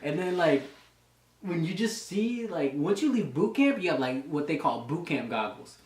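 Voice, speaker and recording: Between sets in an indoor gym, a reservist and fitness vlogger in his twenties swaps profane boot camp stories in casual chat. His fairly high voice is animated and moderately paced, and the sound is reverberant; he laughs and imitates drill instructors.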